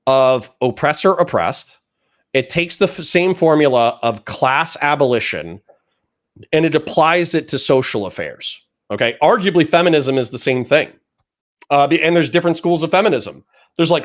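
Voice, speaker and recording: A man arguing as a guest in a heated political debate, forceful, combative and profane. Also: a little high, very animated, normal speed.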